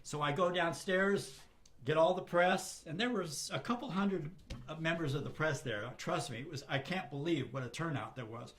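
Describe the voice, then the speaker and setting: Older man, slightly high voice, animated storyteller who acts out the other people in his tale. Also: normal speed. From Southern California. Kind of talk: casual spoken anecdote.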